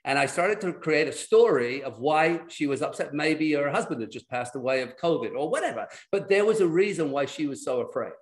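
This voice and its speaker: A middle-aged man telling personal stories as a guest on a video call, in lively, animated storytelling. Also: on the high side, a little fast, hardly any pauses. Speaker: guest speaker.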